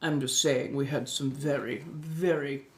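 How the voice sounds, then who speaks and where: A woman's voice: a bass voice, steady tone, pitched below the performer's own voice. A woman voicing a centuries-old refined female vampire in a colonial American accent, chatting with viewers on a livestream and calling them darling. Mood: confiding. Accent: 1700s colonial American. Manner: genteel, unhurried, fond of endearments. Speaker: streamer. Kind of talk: in-character livestream chat.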